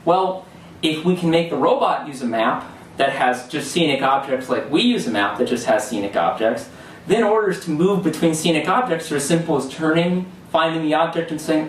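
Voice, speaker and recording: A young man presents to a class in a lecture hall, laying things out step by step in a loose style with fillers and restarts. His fairly high voice has lively intonation and runs a little fast, and the distant, echoey recording has slight background noise.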